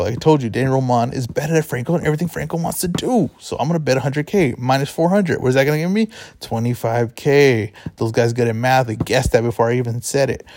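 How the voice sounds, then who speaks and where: A man's voice: medium pitch, darkish tone, dry recording. Give me a rambling male host talking sports bets, in a dry room. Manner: chatty, rambling, self-correcting. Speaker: podcast host. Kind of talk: casual sports betting chat.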